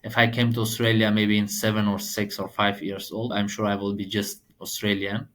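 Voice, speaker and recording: A man in his thirties from Afghanistan with an Afghan accent, a podcast guest speaking earnest, halting second-language English. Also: lowish voice, level tone, a bit bright. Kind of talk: podcast interview.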